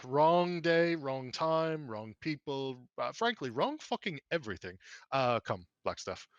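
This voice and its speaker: A man voicing a gruff, blustering older official who talks brusquely and swears freely. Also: medium pitch, big pitch swings, measured pace, no echo, muffled recording, pitched above the performer's own voice.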